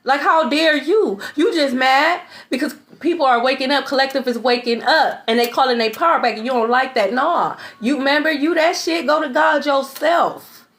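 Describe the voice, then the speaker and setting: High-voiced woman giving a blunt tarot reading. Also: moderate pace, a bit bright. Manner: emphatic and preachy, keeps asking "okay?"; blunt, swears, laughs in scorn. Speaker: tarot reader. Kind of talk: spiritual tarot reading monologue.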